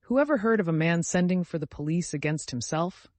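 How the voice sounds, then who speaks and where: A man voicing a proud, calm male servant who speaks slowly and deliberately with a measured lisp. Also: a little high, dry recording, pitched above the performer's own voice, close to an everyday voice. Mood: composed. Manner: unnaturally composed, deliberate.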